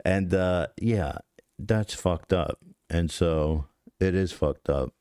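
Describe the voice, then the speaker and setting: Speaking slowly in a low, smooth, darkish voice, a man hosts a casual confessional podcast from a studio, with clean sound and no room echo. His storytelling rambles with plenty of restarts, profanity and self-deprecation.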